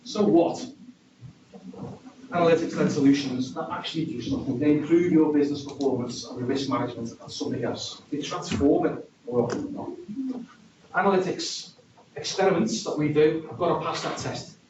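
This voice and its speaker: In a conference hall, a man with a regional accent and a fairly high voice talks fairly quickly, poking fun at himself in a wry, conversational presentation. Background noise sits under a distant, dull, echoey recording.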